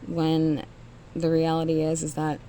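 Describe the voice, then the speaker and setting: A woman's voice: sits low, monotone, a little slow, dark tone, a little hiss or hum. A woman giving a blunt, profane motivational rant to single mothers, emphatic and often trailing off with sighs.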